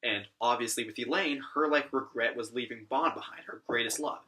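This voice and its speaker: A young man talks through an anime episode in a loose, rambling way, full of fillers. His voice is bright and a bit forward. He sits somewhat back from the microphone. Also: medium pitch, brisk, far from the mic. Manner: rambling, animated, many fillers. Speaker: anime reviewer. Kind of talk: casual episode recap.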